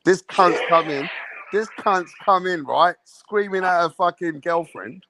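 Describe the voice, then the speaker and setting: A man's voice: high-pitched, unhurried, noisy background. Crude man telling a wild story. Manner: crude, swaggering, laughs through his own story. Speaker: host. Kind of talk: late-night podcast storytelling.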